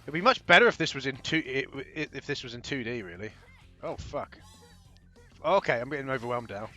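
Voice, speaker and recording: A young man hosts his own gaming channel, chatting casually over a first playthrough and rambling and trailing off as he plays. His medium-pitched voice is animated, brisk and sharp, with faint music behind.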